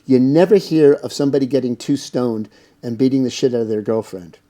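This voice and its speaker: A mellow mid-range voice moving at a fairly quick clip belongs to a middle-aged American man who runs a cannabis business. Guesting on an interview, he rambles through extended anecdotes full of fillers and dramatizes what others said.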